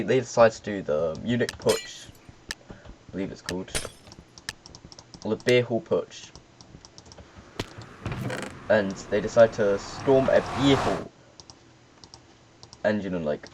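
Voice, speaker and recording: A man's voice: lowish voice, a little mellow, a little hiss or hum, rough recording. A man rambling through a casual, sweary history explanation while getting distracted by the game he is playing. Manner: loose and offhand, trails off.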